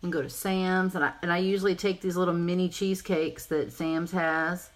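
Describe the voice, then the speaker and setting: A woman's voice: lowish voice, little pitch movement, brisk. A woman giving a casual live makeup tutorial, chatty and rambling as she answers viewer comments. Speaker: makeup seller and presenter.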